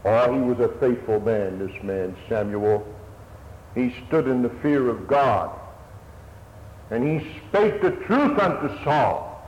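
Speaking slowly but with animation, this man delivers an old-fashioned, earnest sermon in a medium-pitched, darkish voice that rises and drops. Faint hiss and dull lo-fi sound accompany the echo of the hall.

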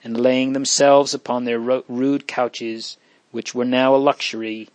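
Male audiobook narrator, measured and calm, dry sound. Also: medium pitch, dry recording. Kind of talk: scripted narration.

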